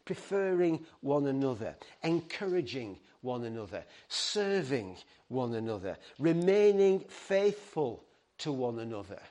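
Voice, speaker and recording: A middle-aged man delivers a sermon to a ministry team. He speaks earnestly and pleadingly, with halting restarts, at an ordinary pitch. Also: sing-song, a little mellow. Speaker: preacher.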